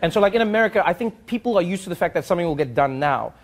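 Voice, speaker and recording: A man's voice: high voice, racing. A man with a South African accent, riffing in a loose comedic talk with lots of "like". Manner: animated, lots of "like", jumps into character voices. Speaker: comedian host. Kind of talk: stand-up style riffing.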